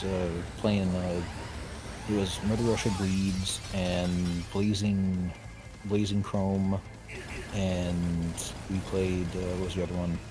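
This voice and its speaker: A man co-hosting a game stream, talking casually in a blunt, joking way with stumbling restarts. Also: low-pitched. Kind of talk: casual chat. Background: video game music.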